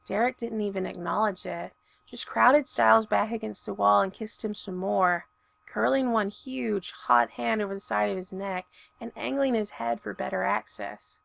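A woman narrates fiction in a steady, even reading voice. Her tone carries some vocal fry, and the recording is dry and close. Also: medium pitch, normal speed, dry recording.

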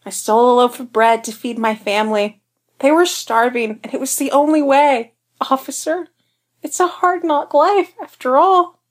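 A woman's voice: fairly high pitch, big pitch swings, normal speed, pitched above the performer's own voice. A woman reading a fan story aloud and voicing a playful, flippant young woman who teases everyone. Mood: playful teasing. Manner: teasing, flippant, bubbly. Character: young woman, sassy and playful office worker. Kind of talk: fan fiction audiobook reading.

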